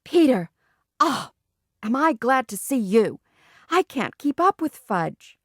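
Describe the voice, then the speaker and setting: A woman's voice: high-pitched, sing-song, slow pace, a bit bright, breathy edge, dry recording, voice pushed up, exaggerated voice. A flustered mother who frets over her little boy, as a woman reader puts her on. Her voice sits a little above the reader's own. The sound is dry and close. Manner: anxious and fretting. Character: flustered, fussing mother of two boys.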